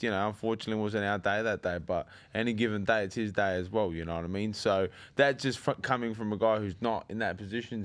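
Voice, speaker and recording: Low-voiced earnest man, dry sound. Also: no echo. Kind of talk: casual podcast chat.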